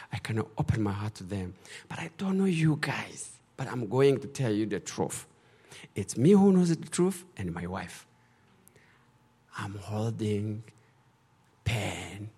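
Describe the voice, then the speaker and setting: A man's voice: lowish voice, darkish tone, husky. A middle-aged man, a pastor telling his testimony in emotional, broken English. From Rwanda. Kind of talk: testimony preaching.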